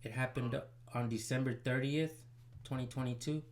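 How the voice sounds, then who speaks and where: Man, channel host, casual rambling talk, mid pitch, many fillers. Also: steady tone, normal speed, darkish tone. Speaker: citizen journalist host. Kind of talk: casual commentary and phone call.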